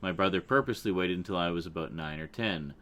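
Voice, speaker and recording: A man's voice: low-pitched, quick pace, a bit bright, muffled recording. A man co-hosting a livestream in casual chat, reading viewer comments aloud and laughing often.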